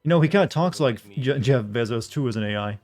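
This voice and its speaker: A male streamer chatting casually to his viewers over gameplay in a flat, deadpan tone. His pitch sits in a middle range. Faint game music plays behind him. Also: fast. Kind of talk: casual live-stream commentary.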